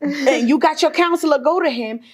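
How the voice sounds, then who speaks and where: A woman's voice: sits high, brisk. A middle-aged woman, a guest in an interview, telling her own story with candid energy, laughing often. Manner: animated, laughs often, acts out quoted voices.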